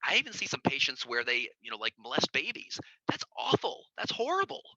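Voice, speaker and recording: A middle-aged man lecturing as a child psychiatrist, talking quickly with a lively, swooping pitch. His voice is bright and forceful, recorded dry and close. He slips into quoted voices as he goes. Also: no room sound, highs cut off. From United States. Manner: conversational, acts out quoted voices with big pitch jumps. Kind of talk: informal lecture.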